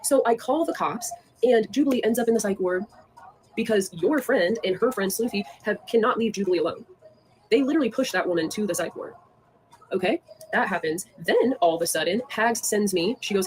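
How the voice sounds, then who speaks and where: A woman's voice: mid-range voice, lively intonation, fairly quick, a little mellow, a little hiss or hum. A young woman in a heated, profane, rambling rant, addressing her viewers directly and confronting people. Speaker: online creator talking to viewers.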